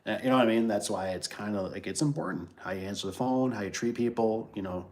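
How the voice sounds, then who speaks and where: A man's voice: fairly low pitch, quick pace, hardly any pauses, darkish tone, a little hiss or hum. A man who runs a garage door business, hosting a casual livestream, rambling through stories with lots of fillers and restarts and reading viewer comments aloud. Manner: reads viewer comments aloud and riffs on them. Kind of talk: casual livestream chat and storytelling.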